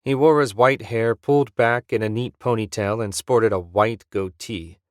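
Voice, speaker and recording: Low-voiced male audiobook narrator. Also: normal speed, dry recording, studio quality.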